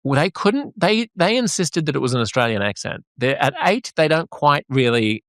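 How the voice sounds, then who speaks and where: A man's voice: fairly high pitch, animated, normal speed, a bit bright, no echo. A man hosting a podcast interview, chatty and jokey, often laughing as he talks. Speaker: podcast host. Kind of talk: casual interview chat.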